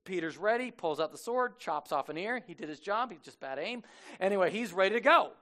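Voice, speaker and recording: A man preaching a casual sermon as a lively storyteller, slangy and animated, acting out the people he quotes. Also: high-pitched, fairly quick.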